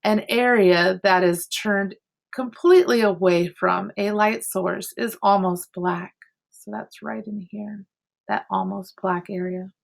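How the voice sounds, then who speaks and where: Slow-talking woman teaching art online. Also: mid-range voice, steady tone, gravelly. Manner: explains step by step with chatty asides. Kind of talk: online class lesson. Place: at home. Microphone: computer mic on a video call.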